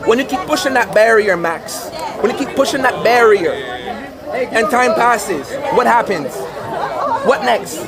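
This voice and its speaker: A man with a Jamaican accent lecturing another man sternly and deliberately, caught live on stream. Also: high-pitched, lively intonation. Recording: loud crowd in a big hall.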